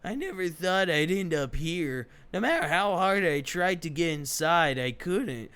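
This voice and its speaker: A male streamer playing a game live, reading its lines and tossing in wry jokes. His voice is bright and quite high, and he talks at an unhurried pace with lively swings in pitch. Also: smooth. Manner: wry, joking asides.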